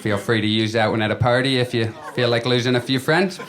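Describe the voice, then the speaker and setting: A man doing a stand-up comedy set on a club stage, telling stories in a chatty way and acting out his friends in quick voices. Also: mid-range voice, steady tone, heavy background noise. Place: comedy club stage before a live audience. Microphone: handheld stage mic. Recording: live club recording with loud crowd laughter.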